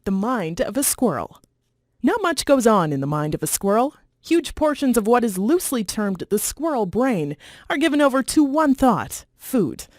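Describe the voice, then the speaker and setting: A woman reads chapters of a children's novel aloud in a slightly high voice. Her narration is measured and steady. The recording is dry and close. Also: dry recording. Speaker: reader. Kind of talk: storybook read-aloud.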